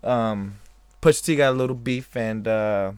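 Medium-pitched, unhurried, a little mellow, and smooth, this podcast host's voice has no echo. He chats casually with live chatters in a rambling, slightly tipsy way, laughing often.

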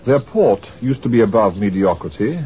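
An actor playing a wry, languid gentleman detective with a dry manner. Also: on the low side, expressive, normal speed, husky, highs cut off.

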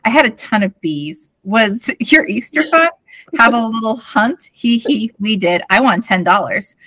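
A woman's voice: fairly high pitch, expressive, measured pace, bright, forceful tone, no room sound. Giggly woman reading old notes aloud. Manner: giggly, bubbly, laughs between lines. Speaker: podcast co-host.

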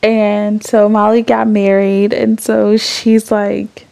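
A woman's voice: mid-range voice, little pitch movement, slow pace, vocal fry, mellow, smooth. A young adult woman hosting her podcast in casual, candid chat, emotional and swearing freely as she rambles. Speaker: podcast host.

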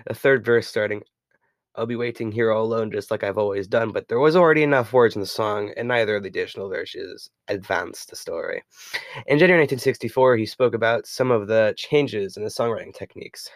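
A man's voice: on the low side, brisk, dry recording, clean studio sound. A man hosting a podcast in casual talk, rambling and correcting himself, chuckling often. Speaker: podcast host.

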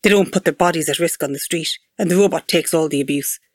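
Even, measured sci-fi story reading, dry close sound. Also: medium pitch, no echo. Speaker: manuscript reader.

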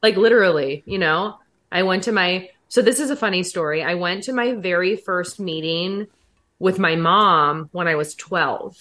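A woman originally from Philadelphia, speaking as a podcast guest. Her voice sits a little low for a woman, and she tells her story in a candid, frank way. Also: normal speed, fairly bright tone. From Philadelphia, USA. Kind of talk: casual interview chat.

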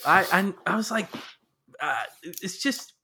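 A man co-hosting a casual chat, laughing often and telling stories in an animated way. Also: high voice, measured pace, slight background noise.

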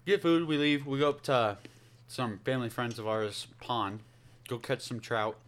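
A man's voice: mid-range voice, moderate pace. A young man co-hosting a casual podcast, telling a story in a rambling way and losing his thread. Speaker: podcast co-host.

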